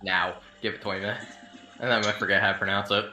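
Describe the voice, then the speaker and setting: A man's voice: lowish voice, level tone, quick pace, bright, forceful tone, reverberant. A man teasing the group and laughing a lot as a player in a tabletop game. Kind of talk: casual tabletop game banter.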